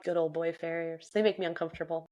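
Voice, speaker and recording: A woman's voice: low voice, flat delivery, fast, mellow. A young adult woman from Central Florida, a podcast co-host, telling stories in casual chat, acting out quoted voices and laughing often.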